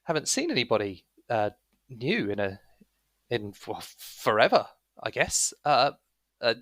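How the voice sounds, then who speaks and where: A man's voice: mid-range voice, sing-song, unhurried, a bit bright, no room sound, clean studio sound. A man voicing a nervous young village man who stammers and apologizes as he greets strangers. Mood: flustered.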